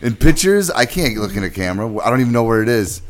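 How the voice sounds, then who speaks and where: A man co-hosting a podcast in casual chat, teasing and quick to laugh. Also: medium pitch, big pitch swings, crowd noise. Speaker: podcast co-host.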